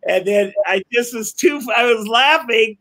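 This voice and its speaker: A man on a podcast as a guest, telling rambling, animated stories, swearing and laughing as he goes. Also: extremely high pitch, measured pace, low-quality recording. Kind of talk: casual chat.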